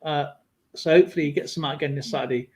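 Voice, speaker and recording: A man chatting casually on a livestream, rambling through an animated story with lots of fillers. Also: fairly high pitch, very fast, poor audio. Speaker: guest on a livestream. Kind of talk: casual chat.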